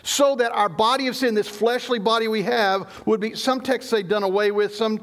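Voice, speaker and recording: A man's voice: sits high, fairly even intonation, moderate pace. A middle-aged man preaching a sermon, explaining scripture emphatically and often restarting his sentences. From Southern United States. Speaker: pastor.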